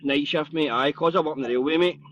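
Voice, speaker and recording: A Scottish man hosting a live podcast in casual chat, excitable and a little nervous, swearing freely. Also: on the high side, fast, dull audio, crowd noise. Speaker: podcast host.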